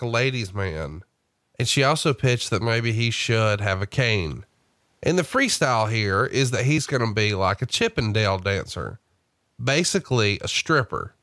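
A man's voice: mid-range voice, bright, forceful tone, dry recording, studio quality. A man hosting a podcast, telling stories in a casual, chatty way and prompting his guest. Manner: chatty storyteller who reads out quotes. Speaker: host.

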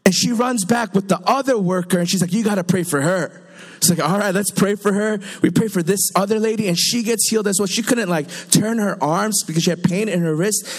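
A young man preaches to a congregation in a light, high-pitched voice. He tells his stories in a chatty, animated way, full of quick asides to the room. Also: husky. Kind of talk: sermon.

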